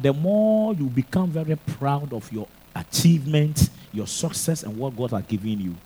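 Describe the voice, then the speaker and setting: A Ghanaian man in his thirties, a pastor preaching an animated sermon. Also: fairly high pitch, slightly rough. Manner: animated preaching mixing English and Twi.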